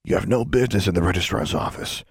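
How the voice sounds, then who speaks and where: A man's voice: low-pitched, quick pace, creaky, husky, no room sound, exaggerated voice. A man voicing a middle-aged school custodian who speaks in a dry, teasing, stern way.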